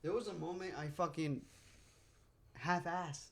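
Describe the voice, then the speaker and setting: A man in his twenties, co-hosting a podcast in a small room, tells stories with lots of swearing and animated bursts. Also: on the high side, measured pace, gravelly. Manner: animated storyteller, heavy swearing. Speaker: podcast co-host. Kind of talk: casual chat. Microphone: podcast mic at a table.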